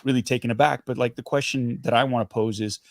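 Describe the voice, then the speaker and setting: A middle-aged man from Canada, a guest actor speaking in a casual interview, earnest and animated, often restarting his sentences. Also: mid-range voice, fast, vocal fry, no room sound, clean studio sound.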